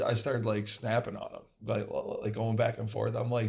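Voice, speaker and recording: A man's voice: on the low side, completely flat delivery, moderate pace, gravelly, few pauses, darkish tone. A man in casual podcast chat, telling a story animatedly, swearing and laughing at it.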